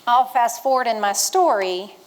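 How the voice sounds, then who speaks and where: A woman in her fifties from Virginia tells her life story to a room of veterans, slipping into the voices of the people she quotes. Her voice sits a little high for a woman and carries the energy of a motivational speech. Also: moderate pace, low-quality recording. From Virginia, USA. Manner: animated, acts out dialogue in her story. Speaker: retired Marine giving a talk to veterans. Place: event room with an audience.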